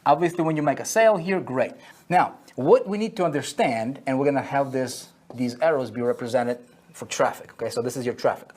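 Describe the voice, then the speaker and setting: A man's voice: mid-range voice, darkish tone. A man teaching an online marketing lesson at a whiteboard, repeating key phrases and checking in with "okay?" and "right?" after each point.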